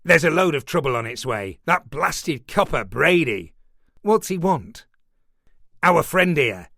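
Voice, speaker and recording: A man voicing a rough henchman who talks bluntly. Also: a little high, very animated, measured pace, fairly bright tone, no room sound, clean studio sound, full character voice. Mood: urgent. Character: rough male henchman, mocking.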